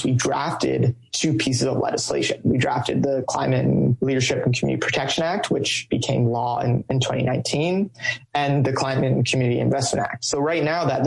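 A man speaking as a coalition organizer in an interview. His voice is gravelly and a little husky, and he stays in a flat, even tone. He talks in halting bursts, full of ums and restarts. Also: mid-range voice, low-quality recording. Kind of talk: interview answers.

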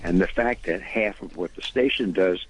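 The poor recording, with a little hiss or hum, carries a low-pitched older man speaking at normal speed. A musician guesting on the radio, he wanders through sincere, lengthy stories that slide into sermonizing.

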